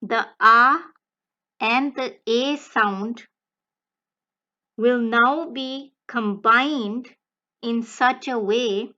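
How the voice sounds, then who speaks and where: A woman language tutor giving a slow, deliberate step-by-step explanation of pronunciation. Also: on the high side, bright, forceful tone, dull audio. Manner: slow, deliberate, breaks words into careful phrases.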